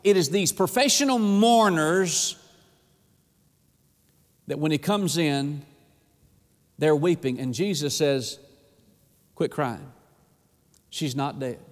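A man preaching a sermon, swinging from emphatic bursts down to a low hush. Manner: dynamic preaching with sudden drops to a low hush. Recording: echoey with long reverb.

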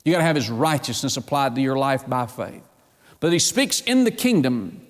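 A man's voice: mid-range voice, sing-song, normal speed, big-room sound. A man preaching a sermon to his congregation, emphatic and firing rhetorical questions at them.

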